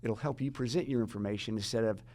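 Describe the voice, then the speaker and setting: A man's voice: lowish voice, fast, a little mellow. A middle-aged man, a jury consultant guest, explaining his method in steps with rhetorical questions. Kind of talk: explanatory interview talk.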